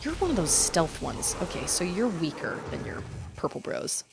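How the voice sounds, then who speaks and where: A woman streams a game while chatting casually and animatedly, laughing a lot and gasping when surprised. Her low-leaning voice is creaky with huge pitch swings at a normal speed, and there's noise in the background.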